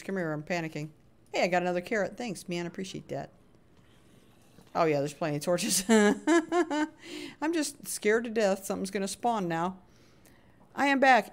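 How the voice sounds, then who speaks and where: A woman live-streaming her gameplay, chatting to viewers and greeting them by name, often laughing and humming little sound effects as she plays. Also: on the low side. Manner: chatty and expressive, hums little sound effects while playing; frequent laughs, jumps between hushed nervous asides and loud cheery greetings.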